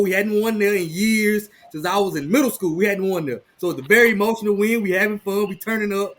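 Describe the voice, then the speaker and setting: Fast-talking excitable man in his thirties. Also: high voice. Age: 30s. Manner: excitable, talks fast, repeats words. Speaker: guest, rival team insider. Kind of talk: casual sports talk.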